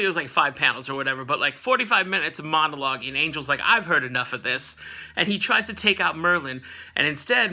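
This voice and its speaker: A man's voice: fairly high pitch, sharp tone. A man hosting a casual comic book recap, telling the story in a jokey, slangy way and acting out characters' lines as he goes.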